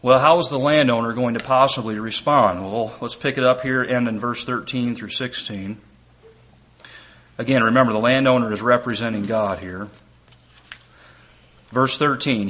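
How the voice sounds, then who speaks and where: A male preacher works through a scripture passage, reading verses aloud and explaining them step by step. He keeps checking in with rhetorical questions. His voice sits at an average pitch and has a bright, forceful edge. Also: moderate pace. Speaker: preacher and Bible teacher. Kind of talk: expository sermon.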